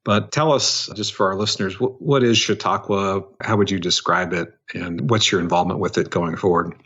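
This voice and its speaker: A man's voice: deep voice, fairly even intonation, normal speed, a bit bright, breathy edge. A man guest-hosting a podcast, asking long, curious questions in a casual way. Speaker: guest host interviewer. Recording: dull lo-fi audio.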